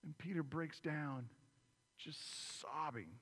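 A man's voice: on the high side, takes it slowly, fairly bright tone. A man preaching a sermon as pastor, retelling a story vividly and acting out the voices. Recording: long reverb in a large hall.

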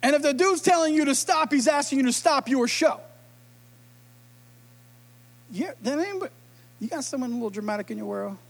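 High-voiced man preaching with humor. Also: expressive, fast, gravelly. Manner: humorous, conversational preaching with acted-out quotes. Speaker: pastor. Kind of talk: sermon.

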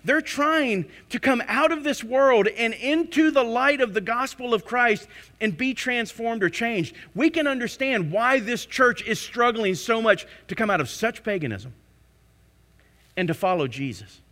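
Bright-voiced impassioned male preacher. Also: very high voice. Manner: impassioned preaching, swinging from hushed to loud. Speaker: pastor. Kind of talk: sermon.

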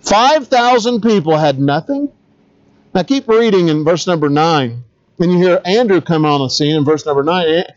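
A man's voice: fairly high pitch, expressive, normal speed, muffled recording. A middle-aged man, a pastor, preaching a conversational sermon, asking the congregation questions and adding humorous asides.

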